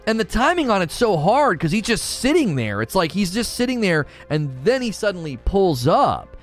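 A man chatting casually on a livestream, animated, ranting and laughing often. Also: high voice, moderate pace, faint music behind. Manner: animated, rants and laughs a lot. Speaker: streamer.

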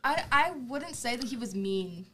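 A woman's voice: fairly high pitch, lively intonation, moderate pace, crowd noise. Playful, candid woman guest. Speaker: podcast guest. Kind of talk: casual chat.

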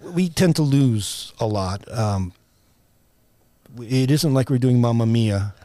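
A man's voice: medium pitch, animated, slow, mellow, no echo. An older man, a playwright guest on an interview show, telling stories reflectively, with many fillers and restarts. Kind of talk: conversational interview.

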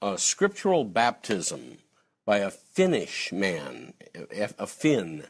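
Animated male theology lecturer. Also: sits low, slow, husky. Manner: digressive, animated, breaks into acted quotes. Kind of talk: conversational lecture answering a question.

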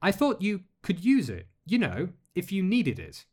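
A man's voice: sits high, huge pitch swings, measured pace, a little mellow, voice pushed up, heavily acted. A man voicing an earnest, flustered young witch girl who stammers when embarrassed. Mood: shy.

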